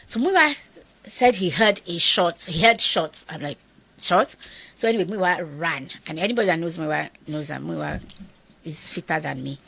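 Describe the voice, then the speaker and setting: Gravelly, husky Nigerian woman recounting. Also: low-pitched, normal speed. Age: middle-aged. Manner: animated, acts out quoted dialogue. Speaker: guest. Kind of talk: personal storytelling in an interview.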